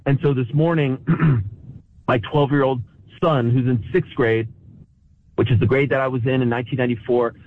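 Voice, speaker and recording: A man in his thirties from Montreal calls in over a thin, phone-like line. He talks with open emotion and keeps restarting his words. His pitch sits in an ordinary middle range. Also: fairly even intonation, moderate pace, dry recording. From Montreal, Canada. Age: 30s. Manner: emotional, self-described pessimistic, restarts words often. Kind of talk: casual chat.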